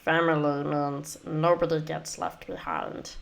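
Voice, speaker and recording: A woman doing a gruff low alien creature voice. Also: little pitch movement, a little slow. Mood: earnest.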